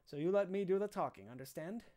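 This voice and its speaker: A man's voice: high voice, expressive, quick pace, dark tone. A man reading a stern middle-aged police captain's lines aloud while playing a game, giving orders in a firm, bossy way.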